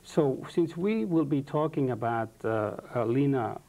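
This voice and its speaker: A male interview host with a mellow, darker voice puts his questions slowly and haltingly, filling pauses with long hesitations as he feels his way through each sentence. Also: mid-range voice, animated, poor audio. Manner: hesitant, halting phrasing with many fillers.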